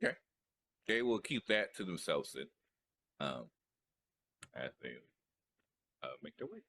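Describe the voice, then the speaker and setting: Low man with animated speech. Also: measured pace, breathy edge. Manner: chatty, explains rules. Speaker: player. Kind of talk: casual tabletop game chat.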